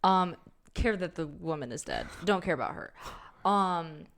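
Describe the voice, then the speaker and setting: A young woman co-hosting a podcast, ranting in casual chat, animated and profane, laughing often. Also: fairly low pitch, unhurried, gravelly. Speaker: podcast co-host.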